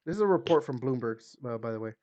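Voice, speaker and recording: Talking fast in a mellow, animated voice, this gaming podcast host keeps things chatty and casual, padding his remarks with fillers and hedges while his pitch climbs and falls. The audio has a slightly dull, lo-fi quality.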